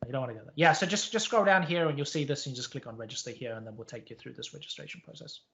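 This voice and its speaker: Talking rapid-fire with vocal fry, a man with a mid-range, fairly bright voice and a Canadian accent wraps up his conference presentation and takes Q&A by video call. He's chatty and cheerful, often repeating himself, over dull lo-fi audio.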